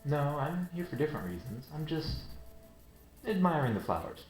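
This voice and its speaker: A lecherous young male soldier, boastful and leering, as a man voices him. He drags out his suggestive lines. An echoey room carries soft game music behind. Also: on the high side, very animated, moderate pace, pitched above the performer's own voice.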